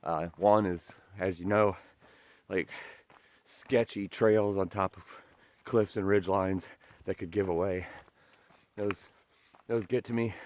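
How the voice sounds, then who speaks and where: On a long-distance hike through a forest, a male thru-hiker vlogs outdoors on the trail, speaking in an earnest, emotional, rambling way in a casual trail vlog. His voice sits low and steady with a darkish tone, slow with frequent pauses, and there's no echo.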